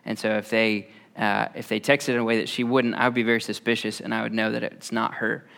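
A man in his thirties giving a conversational sermon, relaxed and often pausing on "uh" between thoughts. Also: lowish voice, gravelly. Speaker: preacher.

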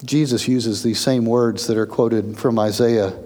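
A man's voice: steady tone, measured pace, mellow. Man preaching an intense sermon. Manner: reads scripture aloud, rising in intensity then dropping low. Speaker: pastor.

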